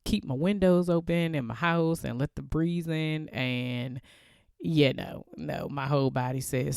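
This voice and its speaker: Congested deep-voiced woman podcaster, gravelly. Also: a little slow, a little mellow, dry recording, clean studio sound. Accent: American. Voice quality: deep, bassy voice. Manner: chatty, laughs often, says "y'all" and "like". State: congested from allergies. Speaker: podcast host. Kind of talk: casual faith podcast chat.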